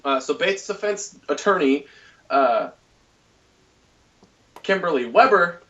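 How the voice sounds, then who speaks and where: A man's voice: on the high side, expressive, pushed and bright, recorded from a distance, dull audio. Casual man reading news between chat. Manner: loose, halting delivery with many fillers. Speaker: podcast co-host.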